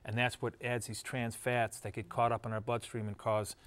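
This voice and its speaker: A middle-aged man talks through a home recipe on a studio show. He is chatty and jokes, with frequent restarts. His voice sits at an ordinary mid pitch. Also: flat delivery, moderate pace. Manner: chatty, joking, restarts often. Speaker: cooking segment co-host. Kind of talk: casual studio chat.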